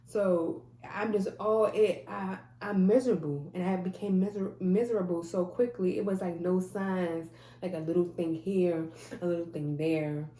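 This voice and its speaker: A woman's voice: on the low side, fairly even intonation, normal speed, dark tone, echoey room. A woman telling a personal faith testimony in a casual, emphatic way, repeating phrases and restarting often. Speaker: mother sharing a faith testimony.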